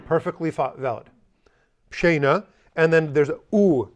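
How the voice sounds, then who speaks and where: Male language teacher, slightly higher voice, joking and hands-on with the class. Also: a little slow, lo-fi sound. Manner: joking asides, drills the class with repeat-after-me.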